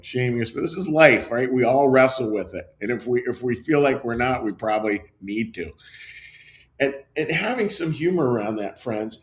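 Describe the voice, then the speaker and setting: A man giving a casual, conversational sermon from his college office and then leading a quiet meditation and prayer, with many fillers and restarts. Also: mid-range voice. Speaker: pastor.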